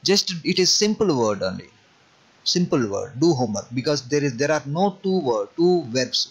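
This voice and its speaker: A man's voice: a little high, big pitch swings, a little fast, rough recording. A man with a Telugu accent, teaching a language class over a video call, patiently explaining step by step and asking students to try. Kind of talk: online class explaining phrases.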